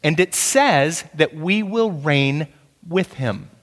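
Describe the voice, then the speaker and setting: A man's voice: fairly high pitch, animated, slow pace, big-room sound. A man preaching a sermon as pastor, emphatic and punchy, asking his listeners rhetorical questions.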